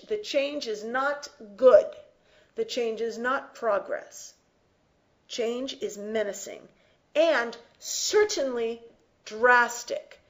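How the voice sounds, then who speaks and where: A woman teacher lecturing on a book, reading lines aloud and defining key words with slow, deliberate emphasis. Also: a little high. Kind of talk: lecture, close reading of a text.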